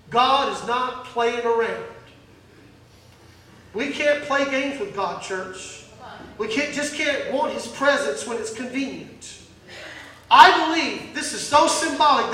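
A man with a very high, bright, ringing voice preaches a fiery sermon. He swings from shouting to hushed asides. The sound comes from a distance, deep in an echoey church hall. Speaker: pastor.

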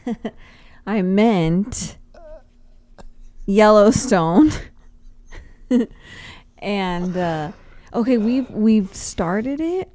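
A woman's voice: medium pitch, lively intonation, extremely slow, long pauses, mellow. A woman co-hosting a casual podcast, giggly and often losing her train of thought. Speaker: podcast co-host. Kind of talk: casual chat.

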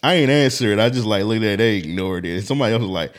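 Laid-back man, low voice, joking banter. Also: expressive, very fast. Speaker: podcast co-host. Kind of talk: casual podcast banter.

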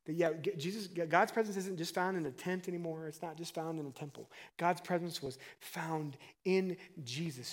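A male pastor delivering a sermon in a lively, conversational way, his fairly high voice rising to loud emphasis and dropping low for quiet points. He talks to the congregation like a friend, with quick asides. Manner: animated, conversational preaching with dramatic swings in loudness.

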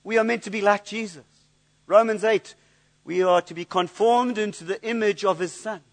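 In a high voice and at a moderate pace, a pastor gives a sermon with a sincere, searching quality. He tends to repeat words as he works out his next thought.

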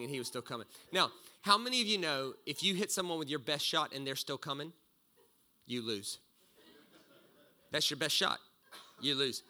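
A middle-aged man delivering a storytelling sermon in a slightly high, very bright voice. He swings from loud bursts down to quiet asides. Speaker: pastor.

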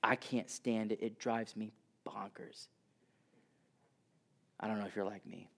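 A man preaching a sermon who swings from loud, emphatic passages down to soft near-whispers. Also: fairly low pitch, fairly even intonation, measured pace, vocal fry.

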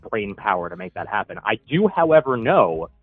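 A man's voice: fairly low pitch, big pitch swings, fairly quick, slightly rough, dry recording, faint music behind. A man calling in to a podcast, friendly and rambling, stammering on his starts. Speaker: caller. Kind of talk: casual phone-in chat. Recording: tinny phone line.

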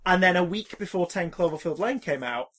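A man co-hosting a casual film podcast, animated and profane, acting out reactions with loud exclamations. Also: high-pitched, a little fast. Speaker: podcast co-host.

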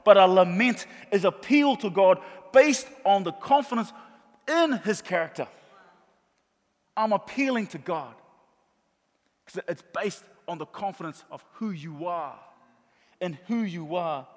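A middle-aged man preaches a sermon in a fairly high voice, driving home each point by saying it again. His voice rings out through a large hall with a long reverb trailing behind his words. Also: lively intonation, measured pace, long pauses. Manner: warm storytelling with emphatic repetition.

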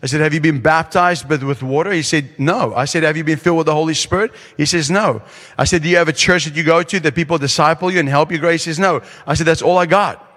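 Male preacher, high-pitched voice, animated storyteller, long reverb of a big hall. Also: fast talker, few pauses. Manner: animated storyteller acting out quotes. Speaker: pastor. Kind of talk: sermon storytelling. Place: large conference hall.

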